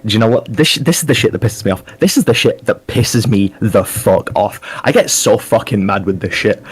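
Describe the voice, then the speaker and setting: A man's voice: lowish voice, fairly quick, husky. Furious, swearing man cutting a promo. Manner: furious, swearing, demanding answers. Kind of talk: profane angry wrestling promo.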